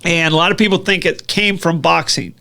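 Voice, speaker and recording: An American man co-hosting a casual talk show, chatty and quick to joke. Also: fairly high pitch, fairly even intonation, vocal fry, bright, forceful tone. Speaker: co-host. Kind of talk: casual chat.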